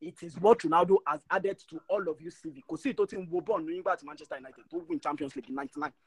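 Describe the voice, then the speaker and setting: Ranting high-voiced man. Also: rapid-fire, slightly rough, dry recording, rough recording. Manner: passionate, ranting, repeats words when worked up. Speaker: podcast co-host. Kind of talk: heated casual chat.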